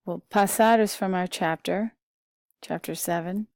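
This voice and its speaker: A woman leads a recorded Spanish lesson, reading word lists slowly and patiently. Her voice is mellow and unhurried. The recording is dry, with little room sound. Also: lowish voice, dry recording. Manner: slow, patient, talks through vocabulary lists with fillers. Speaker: Spanish teacher.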